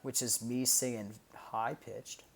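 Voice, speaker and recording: A man's voice: medium pitch, slow pace, vocal fry. Man casually breaking down his songs. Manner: relaxed, rambling explanation with many fillers and sung sound effects. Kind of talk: casual streamed track breakdown. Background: loud music playing from the track.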